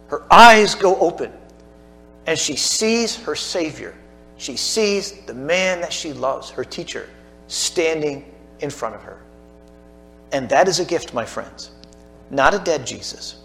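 A man preaching a sermon in a church, his voice sitting a little high for a man. He swells into emphatic lines, then drops to soft, hushed asides to the congregation. Faint music plays behind him. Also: creaky. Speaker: pastor.

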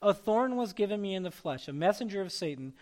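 A pastor preaching a sermon in a high-pitched male voice. He reads scripture and drives his points home with emphatic, rising calls. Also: expressive, quick pace, darkish tone. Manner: preaching with rising intensity, calling out names.

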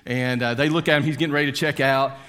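A man's voice: medium pitch, steady tone, fast, fairly bright tone, smooth. A male preacher tells a sermon story in a loose, chatty way, full of fillers. His voice sits in a middle register. Long reverb from a large hall hangs after his words. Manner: conversational, with frequent fillers.

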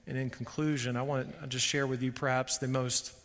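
A man's voice: medium pitch, flat delivery, brisk. Fervent male preacher in a reverberant hall. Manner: emphatic, builds to loud fervent peaks. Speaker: pastor. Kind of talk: sermon.

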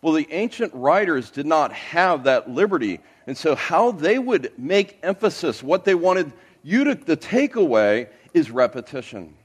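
A pastor preaching an expository sermon in church, earnest, with frequent uh and restarts. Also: male voice, on the high side, big pitch swings, measured pace, hardly any pauses, slightly rough.

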